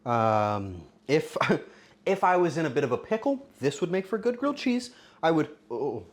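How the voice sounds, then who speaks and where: Guy streaming himself cooking grilled cheese, super bouncy voice all over the place, crude jokes, random loud outbursts. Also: a little high, very animated, moderate pace. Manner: goofy, crude joking with sudden loud exclamations. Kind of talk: casual cooking livestream chatter.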